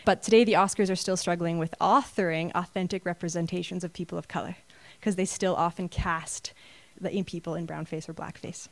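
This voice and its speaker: A woman's voice: on the low side, fairly even intonation, a little fast, vocal fry, no echo. A woman preaching a sermon from slides, earnest and rising to emphatic peaks.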